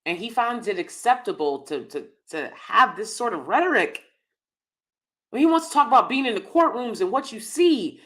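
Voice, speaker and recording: A woman hosts a live-stream commentary with a bright, forceful voice that sits a little high. She talks straight to her viewers in a chatty, emphatic way and hammers her main points by repeating them. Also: animated, normal speed. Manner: emphatic, repeats key phrases. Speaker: host.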